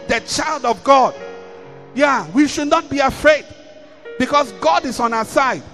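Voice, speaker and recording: A man's voice: extremely high pitch, measured pace, bright, forceful tone, in a large hall, soft background music. A man preaching a sermon, reading scripture and repeating key lines with rising emphasis.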